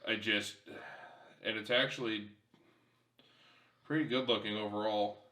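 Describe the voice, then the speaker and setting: A man's voice: on the low side, fairly even intonation, a little slow, sharp tone. A man co-hosting a casual unboxing chat, enthusiastic and repeating himself often. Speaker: co-host reviewing miniatures. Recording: echoey room.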